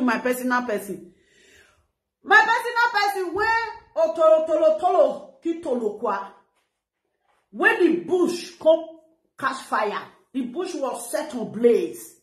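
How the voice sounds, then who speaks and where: On a live video, a middle-aged woman with a Nigerian Pidgin English accent rants animatedly and retells what other people said. Her voice sits high and sounds reverberant.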